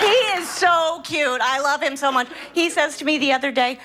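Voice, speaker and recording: Middle-aged woman comic, high animated voice, wry deadpan stand-up, noisy live recording. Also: normal speed, hardly any pauses. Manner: wry, deadpan delivery with quoted child voices. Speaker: stand-up comedian. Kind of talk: stand-up comedy set. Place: comedy stage with laughing audience.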